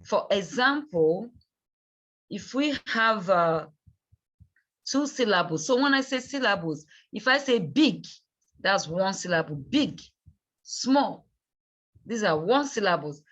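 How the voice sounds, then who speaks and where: Woman, English teacher, unhurried delivery that repeats every word, dull lo-fi sound. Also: medium pitch, animated, fairly bright tone. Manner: slow, repeats words, checks with "okay?". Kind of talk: bilingual grammar lesson. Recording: dull lo-fi recording.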